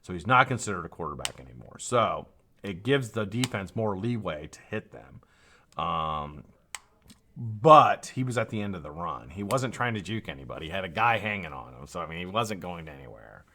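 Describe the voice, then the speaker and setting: A man's voice: low voice, very animated, normal speed, bright, forceful tone. A tired, yawning man hosting a live stream, rambling casually with frequent swearing and laughter.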